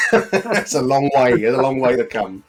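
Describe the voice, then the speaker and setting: A man's voice: mid-range voice, animated, unhurried, over a noisy crowd. Man, podcast host, casual chat, rambling, lots of "um"s. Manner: chatty, rambling with filler words.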